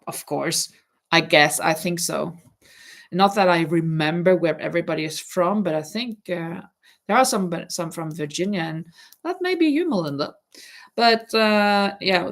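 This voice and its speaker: A woman with a fairly low voice chats to her viewers during a knitting livestream. She talks slowly and rambles, stopping to restart words and wandering between thoughts as she works. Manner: chatty, addresses viewers directly. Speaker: livestream host. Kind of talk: casual livestream chat while knitting.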